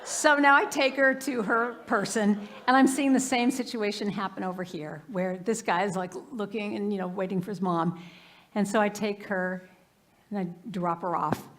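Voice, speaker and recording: During a live church service, a woman minister delivers a storytelling sermon in a medium-pitched voice at normal speed with fairly even intonation. She shares warm, everyday anecdotes conversationally, frequently saying "you know."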